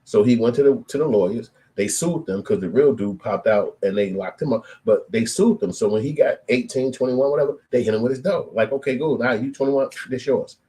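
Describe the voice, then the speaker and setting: A man around thirty telling stories in casual street slang, animated and profane, acting out the voices of people in his stories. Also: mid-range voice, brisk, hardly any pauses, rough recording. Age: 20s to 30s. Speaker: storyteller. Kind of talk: casual street storytelling monologue.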